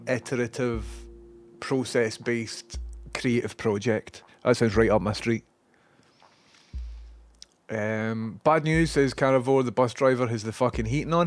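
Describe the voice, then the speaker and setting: A man's voice: medium pitch, no echo. A man with a Scottish accent who streams, rambling casually and self-mockingly while reading out viewer messages.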